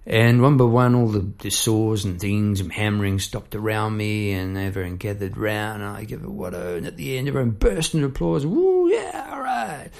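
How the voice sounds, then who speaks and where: Gravelly man telling a yarn. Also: fairly quick, few pauses. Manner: animated, chirps bird noises and acts out people in high voices. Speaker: storyteller. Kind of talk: casual anecdotal storytelling.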